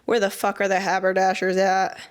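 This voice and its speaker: A young woman reads her research aloud as a show host, then breaks into crude jokes and laughter. Her voice sits at a middle pitch, and her delivery is loose and chatty. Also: completely flat delivery, brisk, smooth. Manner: swearing, joking asides, frequent laughter. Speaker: podcast host. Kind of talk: casual deep-dive commentary, reading aloud.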